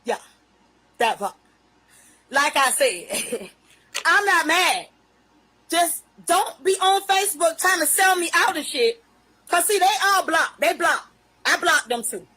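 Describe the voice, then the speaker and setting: A woman's voice: very high voice, lively intonation, slow pace, long pauses, sharp tone, poor audio. A woman hosting a livestream and ranting in a profane, confrontational way, stretching out her emphatic phrases. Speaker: livestream host. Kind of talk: unscripted livestream rant. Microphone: phone livestream.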